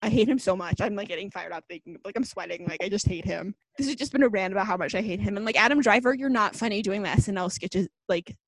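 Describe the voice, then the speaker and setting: A woman's voice: medium pitch, fast, few pauses, dry recording, poor audio. A young woman co-hosting a podcast, ranting in a fired-up, casual way, full of "like.". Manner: fired-up, ranting, heavy use of "like". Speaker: podcast co-host.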